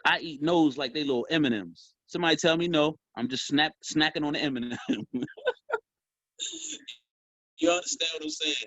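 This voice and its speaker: A man coaching a group on sales, talking in a casual, animated way and calling them y'all. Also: on the high side, moderate pace, pauses often, no echo, rough recording. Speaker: sales trainer. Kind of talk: motivational training talk.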